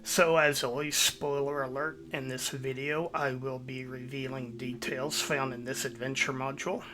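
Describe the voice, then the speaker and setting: A man hosting his own video, giving a measured, explanatory voice-over. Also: medium pitch, flat delivery, noisy background. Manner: measured, explanatory, citing sources. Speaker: YouTube host.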